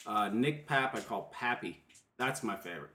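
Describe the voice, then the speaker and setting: A man's voice: on the low side, animated, normal speed, noisy background. A man co-hosting a podcast, chatting casually and telling stories with a lot of energy. When he gets riled up, his voice jumps up. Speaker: podcast co-host. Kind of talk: casual chat. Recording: roomy echo.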